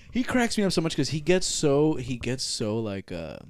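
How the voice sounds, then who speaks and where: A man's voice: medium pitch, measured pace, dry recording, clean studio sound. A young man co-hosting a casual podcast with his sibling, telling stories with lots of laughter and acted-out quotes. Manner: animated storyteller, acts out quotes, laughs often. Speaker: podcast co-host.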